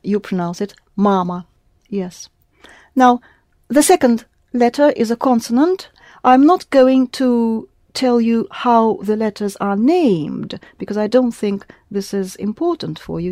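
A woman's voice: on the high side, a little mellow, no room sound, clean studio sound. A woman teaching a lesson in English, explaining patiently and prompting her student with questions. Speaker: Russian language teacher. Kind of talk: one-on-one language lesson.

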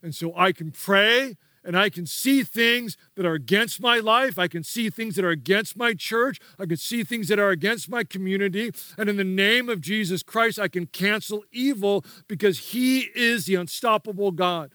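A man's voice: high-pitched, moderate pace, hardly any pauses, sharp tone, no room sound, studio quality. A man preaching a sermon as pastor, emphatic and repetitive, prompting the congregation to repeat key words.

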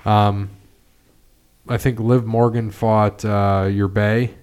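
A man in a relaxed podcast chat, speaking in a slightly low voice. He rambles, restarts sentences and leans on fillers as he recaps events. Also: slow pace, clean tone. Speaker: podcast host. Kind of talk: casual chat.

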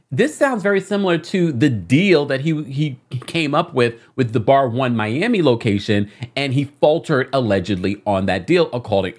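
A woman with a London accent co-hosting a podcast, reading a news report aloud and reacting to it as she goes. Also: rumbling low. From England. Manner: animated, breaks off reading to react. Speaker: podcast co-host.

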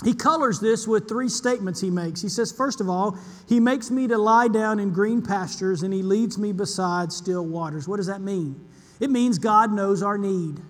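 A man preaching an earnest sermon as pastor, leaning on emphatic repetition. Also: high-pitched. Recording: long hall reverb.

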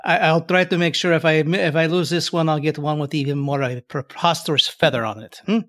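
A man taking part in a tabletop game, his voice sitting fairly high for a man. He sounds relaxed and jokey. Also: a little fast. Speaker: player.

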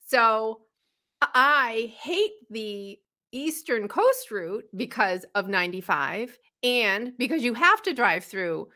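A woman from Tennessee co-hosting a podcast, telling stories in a casual, animated way and acting out the quotes. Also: on the high side, slow pace. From Tennessee, USA. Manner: animated storyteller who acts out quotes. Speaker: podcast co-host. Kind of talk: casual chat.

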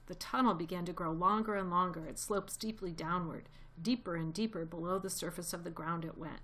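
A woman narrating a children's storybook aloud, gently expressive. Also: fairly low pitch, a little fast.

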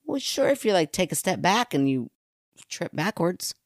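A woman's voice: lowish voice, sing-song, normal speed, no echo, clean studio sound. A woman co-hosting a casual podcast, reading listener stories aloud and teasing her co-host with a playful, laughing manner.

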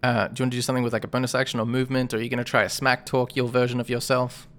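A man's voice: medium pitch, level tone, rapid-fire, fairly bright tone. A man narrating and running a tabletop role-playing game, talking casually and thinking aloud. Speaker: game master.

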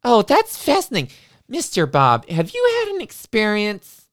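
A woman's voice: medium pitch, huge pitch swings, moderate pace, no room sound, studio quality, voice pushed up. A woman voicing a theatrical, syrupy music teacher who talks to children as if performing into a microphone. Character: gushing sing-song female music teacher, middle-aged.

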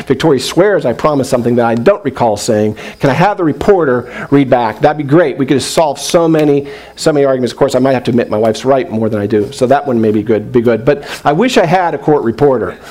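A middle-aged man preaching a sermon in an animated way, with joking asides and quoted voices. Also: mid-range voice, fast, hardly any pauses. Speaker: pastor.

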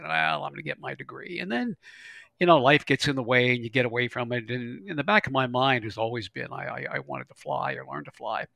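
A middle-aged man tells his stories in a lively, folksy way, stammering now and then. His voice is gravelly and bright. The sound is dry and close. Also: mid-range voice, no echo. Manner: folksy, animated storyteller with laughs and stammers. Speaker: glider pilot and instructor. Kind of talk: conversational interview storytelling.

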